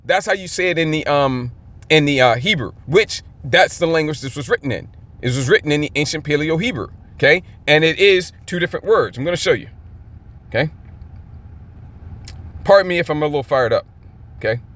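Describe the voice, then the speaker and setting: A man's voice: a little high, expressive, a little fast, pauses often, fairly bright tone. A man teaching scripture in a fired-up, emphatic way, often checking in with his listeners. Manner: emphatic, keeps checking in with "okay?". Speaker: Bible teacher.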